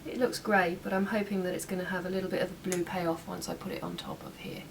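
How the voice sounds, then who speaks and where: A young woman talks casually through a makeup tutorial at home, tossing in little asides as she works. Her voice sits on the low side with fairly even intonation, quick delivery, and vocal fry. The mic is slightly distant, with faint room noise.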